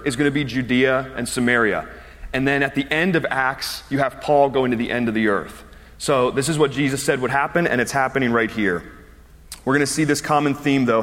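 Man, 30s, pastor, conversational sermon, easygoing with many fillers, mid-pitched voice, long reverb of a big church room. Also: fairly bright tone. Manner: chatty, laughs easily, many fillers. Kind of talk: conversational sermon with personal story. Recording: long reverb of a large hall.

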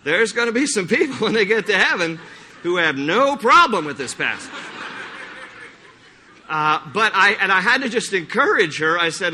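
A man preaching a sermon, telling anecdotes in an animated way with laughter and frequent restarts. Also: sits high, normal speed, slight background noise. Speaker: pastor.

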